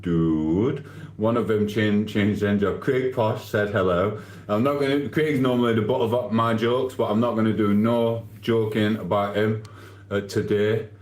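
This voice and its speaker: Man, Sheffield accent, deep voice, live stream chatter, rambling jokey banter, echoey room. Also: unhurried, a little mellow. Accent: Sheffield, Yorkshire. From England. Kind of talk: casual live stream chat reading comments.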